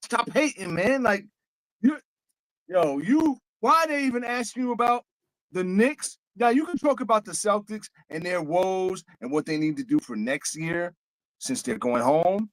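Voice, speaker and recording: A man's voice: sits high, animated, moderate pace, dry recording, poor audio. A man co-hosting a casual sports podcast, ranting in an exasperated, profane way. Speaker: podcast co-host.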